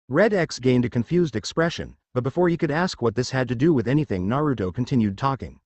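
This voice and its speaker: A man narrating a fan fiction story aloud in a plain, even storytelling manner. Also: medium pitch, brisk, few pauses, no echo.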